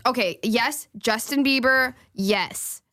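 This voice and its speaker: A woman's voice: fairly high pitch, pushed and bright, dry recording, studio quality. A woman comedian chatting casually as a podcast guest, playful and giggly. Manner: playful, giggly, quick to laugh.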